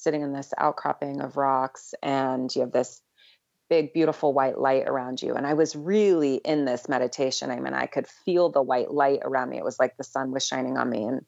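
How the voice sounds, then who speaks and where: A woman shares a personal story as a podcast guest, speaking in a low, gravelly voice. Her delivery is earnest and reflective, full of small pauses and fillers. The recording sounds a little dull and muffled. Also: a little mellow.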